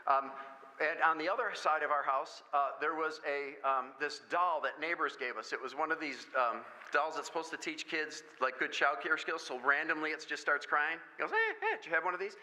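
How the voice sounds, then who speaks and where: A man from Michigan speaking at a school parent meeting, telling jokey stories in an animated way. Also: a little high, moderate pace, poor audio. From Michigan, USA. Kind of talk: lively talk with stories.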